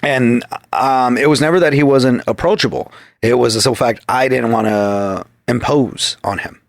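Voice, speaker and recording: A man with a mid-range voice and moderate pace tells casual stories as a podcast guest, swearing constantly throughout the loose chat. He often acts out quoted exchanges, and the recording is dry.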